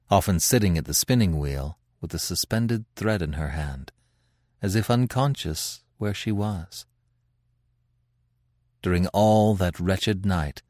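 Deep-voiced man narrating a classic tale. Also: dry recording, studio quality. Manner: dramatic, expressive reading with swelling emphasis. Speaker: podcast host and narrator.

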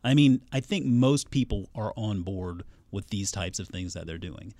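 Male analyst guest, low voice, dry sound, thoughtful and hedging. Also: steady tone, moderate pace, mellow, no room sound. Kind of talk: casual chat.

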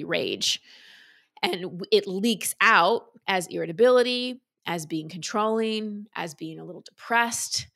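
A woman's voice: fairly low pitch, fairly bright tone. A woman guest in an interview, earnestly explaining how to release feelings and acting out the voices of the people she quotes. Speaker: guest, emotional wellness teacher. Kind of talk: conversational interview answer.

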